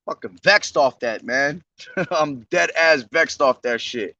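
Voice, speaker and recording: A man street preaching outdoors, reading scripture loudly and slowly, then breaking into profane, agitated ranting. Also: on the high side, no echo, far from the mic, dull audio. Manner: profane, agitated ranting between loud declaimed verses.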